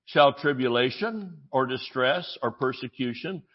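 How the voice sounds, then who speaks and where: A man pastor preaching a sermon, reading scripture with jokes and sudden shouts. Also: medium pitch, animated, measured pace. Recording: dull lo-fi audio.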